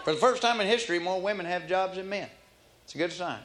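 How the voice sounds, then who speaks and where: On a comedy club stage, a high-voiced, fast-talking man delivers a folksy routine as a drawling storyteller. Audience laughter sits behind him in the roomy live club recording.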